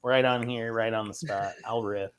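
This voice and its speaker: A man's voice: fairly low pitch, steady tone, normal speed, a little hiss or hum. A man joking around as a panelist in a casual chat. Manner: jokey, playful.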